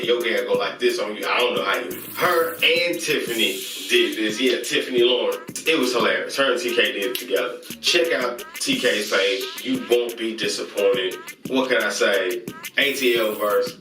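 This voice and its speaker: A man hosting his own channel, chatting casually and excitedly as he gives shout-outs, rambling and slangy. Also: mid-range voice, far from the mic. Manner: hyped, chanting catchphrases, slangy and rambling. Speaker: YouTube host reviewing comedy channels. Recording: echoey room from off-mic with music. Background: music playing.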